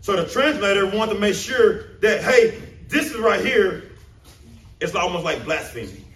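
In a church room with his congregation, a man preaches his sermon in a high voice, a little slowly, turning animated and emphatic as he puts questions to them. The mic sits at a distance, so the room's echo comes through strongly.

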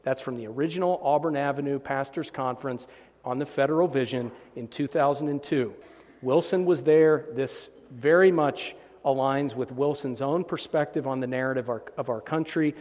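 Emphatic preacher in a reverberant hall. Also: male voice, mid-range voice, normal speed, a little mellow. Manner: emphatic, sarcastic, repeats for emphasis. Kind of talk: polemical sermon.

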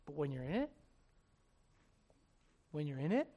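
A man preaching a casual storytelling sermon, joking and chatty, dropping to a hush and then rising loud. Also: fairly high pitch, big pitch swings, unhurried, dull audio. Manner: conversational, joking, swings from hushed to loud. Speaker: pastor.

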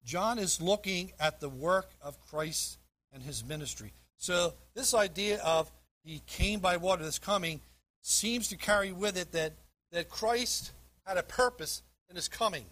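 A man preaching a sermon, reading scripture and explaining it with emphasis, clearing his throat now and then. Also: sits high, unhurried, sharp tone. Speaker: pastor.

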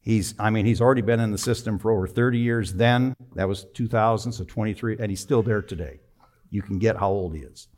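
A man in his sixties telling a personal story in a sermon, conversational and emphatic, with sudden drops to a low, quiet voice. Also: a little fast. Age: 60s. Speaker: preacher.

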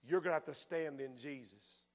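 A male preacher delivering a sermon, moving from hushed storytelling to shouted calls to the congregation. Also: on the high side, moderate pace. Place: church sanctuary. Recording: long hall reverb.

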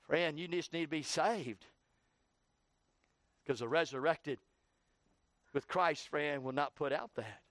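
Male pastor, high voice, fervent sermon delivery, dry close recording. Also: takes it slowly, long pauses, a bit bright, no room sound. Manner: preaching with rising, heated questioning. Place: church.

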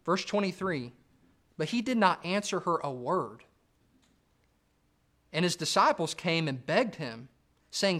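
A man's voice: on the high side, very animated, pushed and bright. Man preaching an expository sermon. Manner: measured expository preaching, rising for emphasis.

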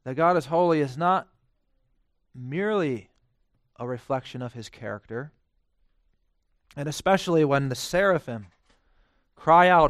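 A male preacher delivering a sermon, swinging from hushed, quiet phrases to loud, emphatic declarations. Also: a little high, measured pace, long pauses, dry recording, clean studio sound.

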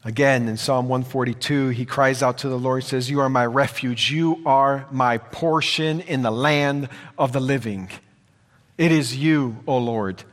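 A male preacher delivers a sermon at an unhurried, deliberate pace. He sounds earnest and leans on repeated phrases for emphasis. His voice rings out with a long reverb tail, as if in a large hall. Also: mid-range voice.

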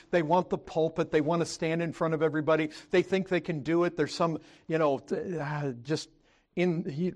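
A middle-aged man preaching a sermon to his congregation, earnest and emphatic, swinging between loud fervor and quiet storytelling and addressing the listeners directly. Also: mid-range voice. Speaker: pastor. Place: church sanctuary.

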